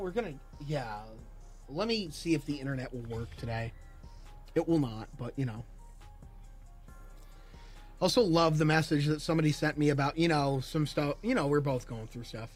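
A young man livestreaming, telling a story in animated chat and acting out both sides with bursts of disbelief. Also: a little high, moderate pace, long pauses, breathy edge, faint music behind. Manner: acts out both sides of a story, rising to near-shouts in disbelief.

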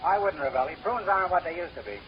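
A man doing a rapid wisecracking con man. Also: fairly high pitch, muffled recording, lightly acted. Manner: rapid deadpan wisecracks and puns. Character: fast-talking wisecracking male con man. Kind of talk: 1930s radio comedy acting. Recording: scratchy, hissy 1930s radio recording.

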